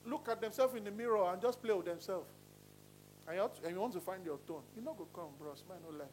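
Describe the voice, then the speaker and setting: A man teaching a singing class, animated and demonstrative, often asking if he's understood. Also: a little hiss or hum, poor audio. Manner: animated, demonstrating voices with sudden pitch swings. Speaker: singing coach. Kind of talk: voice lesson to a class.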